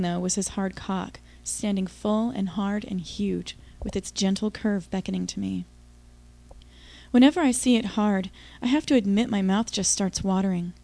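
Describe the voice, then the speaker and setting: Mellow-voiced woman narrating an audiobook. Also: mid-range voice. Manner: intimate, confiding first-person storytelling. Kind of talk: first-person audiobook narration.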